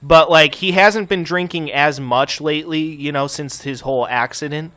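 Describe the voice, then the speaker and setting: A man's voice: a little high, normal speed, bright, forceful tone. A man hosting a gaming channel, telling a story in a profane, ranting way while playing. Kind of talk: casual chat while playing a game.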